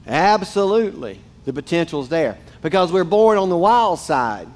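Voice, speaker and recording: A man's voice: fairly high pitch, big pitch swings, moderate pace. A man, preaching a casual, joking sermon straight to his congregation in a church. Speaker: pastor. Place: church sanctuary.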